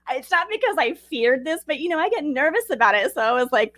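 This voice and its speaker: A woman, hosting a podcast. She teaches in a chatty, animated way, mixing lessons with personal stories and talking straight to her listeners. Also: sits high, moderate pace, long pauses, no echo. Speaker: podcast host.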